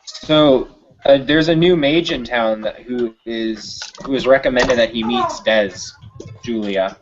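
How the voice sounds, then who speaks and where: A man playing in a tabletop game, speaking in a relaxed, chatty way on a muffled recording. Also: mid-range voice, a little slow. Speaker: player. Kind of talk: casual tabletop play. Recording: muffled home recording with faint hiss.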